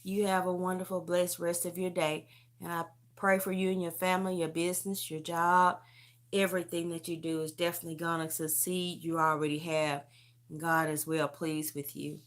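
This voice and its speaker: A woman's voice: on the low side, little pitch movement, normal speed. A middle-aged woman livestreaming from her phone, talking heartfelt and repetitive about her faith and family straight to her viewers. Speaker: livestream host. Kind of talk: emotional testimony chat.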